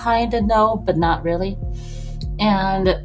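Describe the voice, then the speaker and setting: A woman's voice: medium pitch, slow pace. A young woman vlogging casually while getting ready, rambling with lots of fillers and little laughs. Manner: rambling, filler-heavy, many "like"s; laughs between thoughts. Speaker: beauty vlogger. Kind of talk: casual get-ready-with-me chat. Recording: music playing clearly behind voice.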